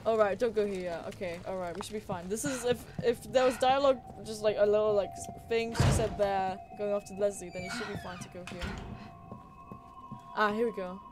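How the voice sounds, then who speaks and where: A woman's voice: medium pitch, steady tone, a little fast. Woman streamer, live gameplay commentary, thinks aloud and swears casually over game music.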